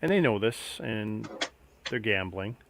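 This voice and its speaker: A man's voice: fairly low pitch, animated, a little slow, creaky. A man hosting a casual livestream, chatting and musing aloud as he builds a model kit. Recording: faint background noise.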